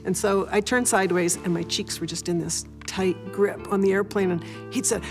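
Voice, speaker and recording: A woman's voice: mid-range voice, steady tone, moderate pace, faint music behind. An older woman recounting a story in a documentary interview, acting out the moments as she tells them. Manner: vivid storytelling, acts out moments.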